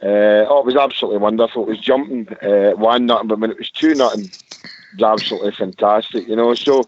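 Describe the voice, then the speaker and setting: Over a muffled phone line, a fairly low-pitched Scottish caller talks fast from his parked car. He's chatting casually on a radio phone-in and raving about the match, piling on superlatives.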